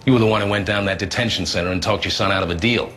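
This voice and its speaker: Cold American cop leaning on a suspect, very low voice, TV drama. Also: male voice, very fast, a bit bright. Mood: pressing. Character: hard-nosed male police detective pressing a suspect. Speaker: detective in a TV drama.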